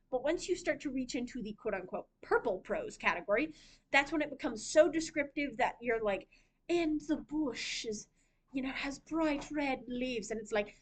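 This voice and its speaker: Chatty, giggly young woman with a high voice. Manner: chatty, giggly, lots of fillers. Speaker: library writing workshop presenter. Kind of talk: casual talk on writing. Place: library room.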